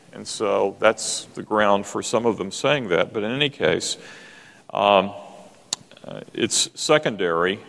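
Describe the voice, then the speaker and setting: A man's voice: fairly low pitch, vocal fry, fairly bright tone. A man preaching a sermon, emphatic and full of rhetorical questions aimed at the congregation. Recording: long reverb of a hall.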